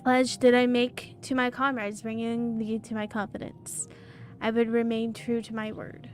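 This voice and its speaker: A woman reading a noble companion's archaic lines aloud from a video game, slowly and earnestly. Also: a little high, flat delivery, soft background music, close to an everyday voice. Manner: slow, earnest dramatic reading. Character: noble companion speaking archaic formal English.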